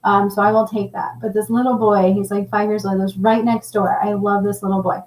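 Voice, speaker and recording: A middle-aged woman hosting a casual livestream, chatting and reading viewer comments with a laughing, animated manner. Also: mid-range voice, brisk, roomy sound, poor audio. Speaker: livestream host.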